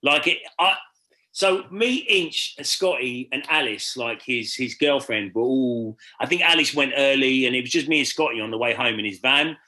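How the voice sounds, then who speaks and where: A man's voice: mid-range voice, normal speed, pushed and bright. A man hosting a podcast over a video call, telling rambling stories in casual chat, swearing and acting out other people's voices. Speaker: podcast host.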